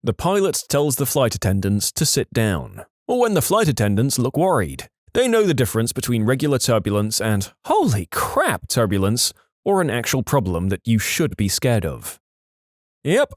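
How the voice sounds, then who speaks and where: A man narrating online stories for a podcast, with a lively, playful delivery and voiced quotes. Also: mid-range voice, no room sound, clean studio sound. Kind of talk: reading online stories aloud.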